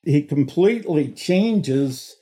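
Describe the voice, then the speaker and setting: A middle-aged man lectures on the Bible in a fairly high, animated voice that is dark in tone and slightly rough. His delivery is slow, stressing key words through emphatic repetition.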